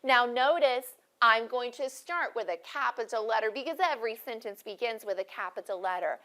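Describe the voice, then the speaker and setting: A woman teaching a first grade class, speaking clearly and encouragingly to students watching on video. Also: fairly high pitch, sharp tone. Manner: clear, encouraging, deliberately paced teacher talk.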